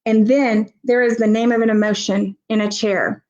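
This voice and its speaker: A woman's voice: on the high side, fairly even intonation, moderate pace, a little mellow, lo-fi sound. A woman guest expert explaining child reading development in a live-streamed talk, acting out examples with her voice. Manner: explanatory, demonstrates examples with vocal emphasis. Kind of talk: live-streamed talk giving parenting advice.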